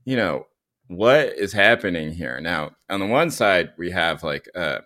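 A man's voice: sits low, animated, a little slow, sharp tone. A man co-hosting a casual political chat, rambling with many fillers and restarts. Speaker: podcast co-host.

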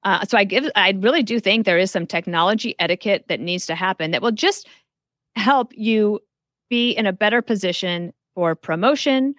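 A woman's voice: medium pitch, moderate pace, a bit bright, no echo. A woman guest on a podcast interview, frankly giving career advice and telling stories from her work. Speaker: guest author.

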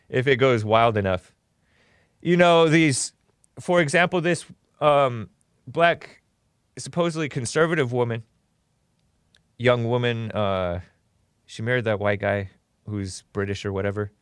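A man's voice: mid-range voice, a bit bright, clean tone, no room sound, clean studio sound. A man hosting a political call-in talk show, blunt and opinionated, rambling with sarcastic asides.

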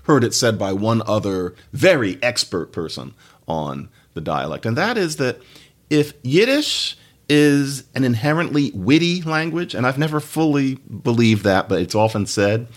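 A man's voice: medium pitch, wildly swooping pitch, normal speed. A man hosting a podcast, giving a casual solo talk on language with chatty, laughing asides. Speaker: podcast host, linguist.

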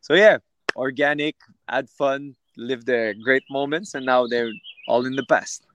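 Animated, profane man telling fight stories. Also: medium pitch, a little slow, no room sound. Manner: animated, profane, rambling with restarts. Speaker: guest fighter. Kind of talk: casual interview storytelling.

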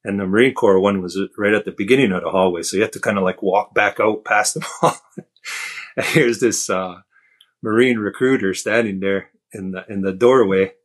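A middle-aged man from Canada, a podcast guest, telling stories in a relaxed, self-deprecating way with many fillers. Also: fairly low pitch. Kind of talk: casual storytelling.

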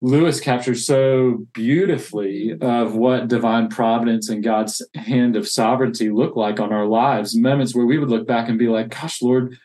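A man's voice: mid-range voice, fairly even intonation, normal speed, hardly any pauses, warm tone. A man who plants churches reads from a classic novel and reflects earnestly on faith. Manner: earnest, reflective, with many restarts.

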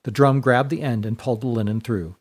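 A man narrating a scripted story in a steady, descriptive way. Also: medium pitch, fairly quick.

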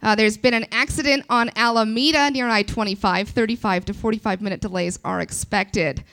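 A woman's voice: a little high, steady tone, brisk, fairly bright tone. A woman voicing a chipper female radio traffic announcer who reads grim news in a cheery, upbeat way.

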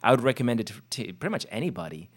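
A man hosting a casual interview, asking questions in a relaxed, filler-heavy way and livening up when he tells stories. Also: medium pitch, rapid-fire, husky. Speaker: podcast host.

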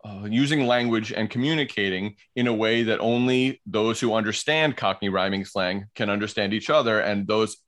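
A man's voice: lowish voice, moderate pace, hardly any pauses, fairly bright tone. A man co-hosting a podcast, explaining word origins in casual banter, laughing often and reading passages aloud.

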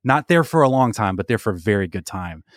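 A man co-hosts a casual podcast and steers the talk from one segment to the next. He banters playfully, with a level, middle-pitched voice. The sound is dry and close, with no room around it. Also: lively intonation, quick pace, no room sound. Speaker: podcast co-host.

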